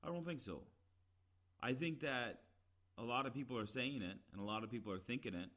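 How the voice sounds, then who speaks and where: Brisk and a bit bright, his medium-pitched voice carries a solo podcast rant that wanders and is full of opinions. He keeps saying "uh," restarting sentences, and hammering points home with exasperated repetition.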